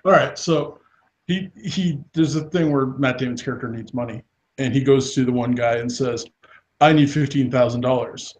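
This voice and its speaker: A man's voice: medium pitch, steady tone, moderate pace, lo-fi sound, slight background noise. A young man co-hosting a casual podcast, rambling about movie lines with frequent laughs and restarts. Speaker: podcast co-host. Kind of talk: casual chat.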